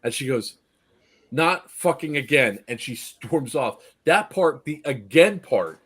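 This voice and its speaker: Speaking a little slowly at medium pitch, with a breathy edge, this man chats casually. He's lively as he recounts a story, performing the voices and roles of its characters.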